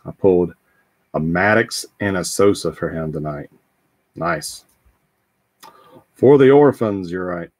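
A man's voice: low voice, expressive, normal speed, a little mellow, no room sound, clean studio sound. A man hosting a live trading card break, talking casually and rambling with frequent ums and restarts.

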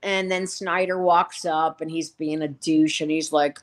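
Woman co-host, lower register, chatty rambling recap style. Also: steady tone, measured pace, few pauses. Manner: rambling retelling with many fillers and quoted lines. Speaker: podcast co-host reviewing a TV series. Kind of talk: casual episode recap.

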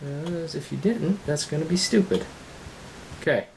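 A gaming channel host doing let's-play commentary, swearing and yelling at the game in frustration. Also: mid-range voice, a little slow, gravelly, a little hiss or hum.

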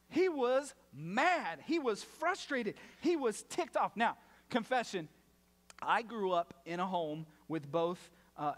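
Male pastor, sermon; lively, high-pitched delivery with big swings, reverberant sanctuary. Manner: animated and playful, drops to a hush for emphasis. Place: church sanctuary.

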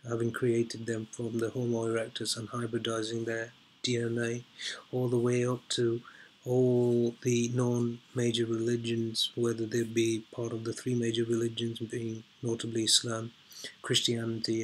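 Hesitant flat-voiced man, full of ums. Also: medium pitch, a little hiss or hum. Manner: hesitant, heavy with ums and uhs; emphatic repetition for stress. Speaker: video blogger. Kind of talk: unscripted commentary while reading an article.

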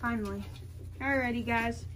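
A woman's voice: fairly high pitch, steady tone, normal speed, noisy background. A woman talking to a puppy in a teasing baby-talk voice and laughing often, then chatting casually to her viewers. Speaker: dog breeder vlogger.

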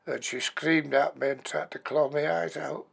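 Gravelly old man. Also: fairly high pitch, steady tone, normal speed, fairly bright tone. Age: 80s. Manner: plain-spoken, matter-of-fact, blunt everyday words. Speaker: bereaved husband and former carer. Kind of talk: personal life story told for a documentary.

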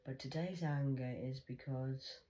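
A woman's voice: rumbling low, steady tone, measured pace, dark tone, rough recording. An older woman, talking in a bitter, blunt confessional monologue, often muttering.

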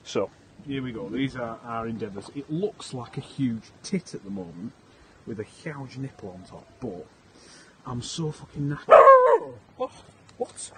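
Building a snowman on a snowy street, a podcast co-host chats animatedly to his dog in a jokey, swearing running commentary. His voice is medium-pitched, moderately paced, and somewhat dark. The casual vlog's outdoor camera audio is poor, with ambient noise and a dog barking.

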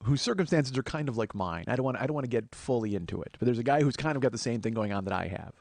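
A man's voice: medium pitch, expressive, racing, darkish tone, dry recording. A man in his forties giving a rambling, profane, self-deprecating comic monologue as a podcast host. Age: 40s.

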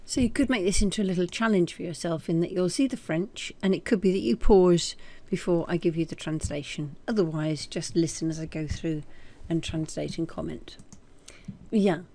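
A woman with a fairly low, dark voice speaks at normal speed in a recorded French lesson. She reads short sentences, then translates and comments on them, pausing for asides where she corrects herself.

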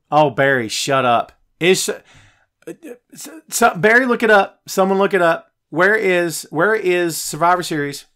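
Fired up about wrestling, a podcast host answers his live chat a little slowly, his high, highly animated male voice jumping up and sinking down. Loud bursts alternate with muttered remarks throughout the rant.

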